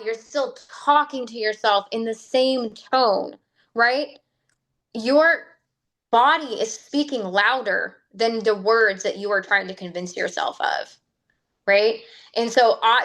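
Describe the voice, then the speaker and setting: A woman's voice: on the high side, fairly bright tone. A woman who works as a fitness coach talks casually, filling her speech with "like" and "right?" and acting out inner voices as she explains. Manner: chatty, fills speech with "like" and "right?". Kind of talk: casual livestream talk.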